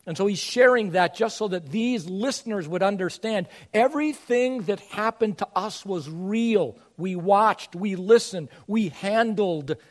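High-voiced preaching pastor. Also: male voice, unhurried, hardly any pauses. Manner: earnest, rising to emphatic preaching. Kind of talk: sermon.

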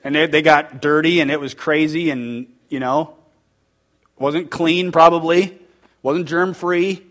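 A man's voice: on the high side, steady tone, a little slow, a bit bright. Emphatic man preaching to a group. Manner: conversational and emphatic, quizzing the audience; gets heated and emotional. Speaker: church teacher leading a group. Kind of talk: interactive sermon.

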